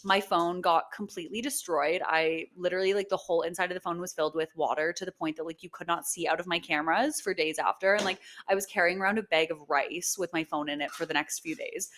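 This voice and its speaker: A woman's voice: lowish voice, steady tone, quick pace, hardly any pauses, fairly bright tone. A young woman co-hosting a podcast in casual chat, gushing and swearing freely, with lots of "like" and "um". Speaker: podcast co-host.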